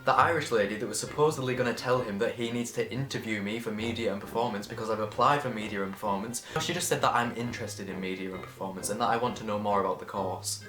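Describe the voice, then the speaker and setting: A chatty young man from England tells a casual storytime story, acting out the voices of the people in it. His voice sits at an average pitch. It rings in an echoey room with faint music underneath. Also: fairly quick. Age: young adult. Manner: chatty, animated, acts out the voices. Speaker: vlogger.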